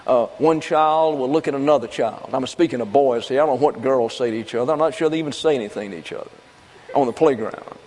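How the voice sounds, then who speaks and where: A man's voice: medium pitch, fast, a little mellow. Folksy preaching man in a reverberant hall. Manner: folksy, conversational preaching with rhetorical questions. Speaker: pastor. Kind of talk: sermon. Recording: long reverb of a church hall.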